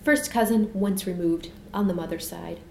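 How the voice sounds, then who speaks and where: A woman voicing a male brown bear in an audiobook, speaking gruffly and respectfully in a hushed tone. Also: on the low side, normal speed, a little hiss or hum. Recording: roomy echo.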